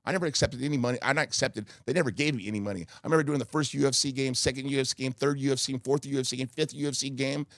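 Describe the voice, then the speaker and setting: A man's voice: medium pitch, no echo, studio quality. A middle-aged man, a guest in a candid podcast talk, speaking in heated bursts with stammered restarts. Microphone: studio mic.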